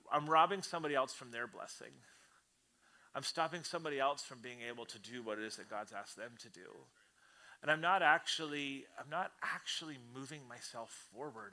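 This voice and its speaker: A man preaching a sermon to his church congregation in an animated, conversational way, often acting out the voices he quotes. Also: medium pitch, brisk. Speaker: pastor. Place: church service before a congregation.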